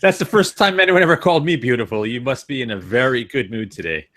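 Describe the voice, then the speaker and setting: A man co-hosting a casual tech webcast over a video call, teasing and relaxed. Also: mid-range voice, quick pace.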